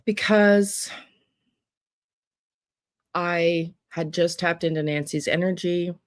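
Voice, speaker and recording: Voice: medium pitch, steady tone, slow, dry recording, studio quality. An American true crime psychic host talking casually to viewers in a rambling monologue full of restarts and trailing asides.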